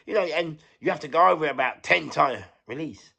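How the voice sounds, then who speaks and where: Gravelly London man telling a rambling story. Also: fairly high pitch, fairly quick, pushed and bright. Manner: rambling, repeats himself, swears freely, searches for words. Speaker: interview guest, former prisoner. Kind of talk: candid storytelling in an interview.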